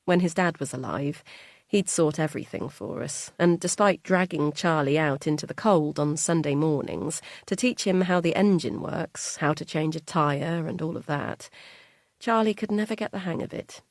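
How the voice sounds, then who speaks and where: A woman narrating an audiobook in the first person, measured and quietly tense. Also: low voice, no room sound.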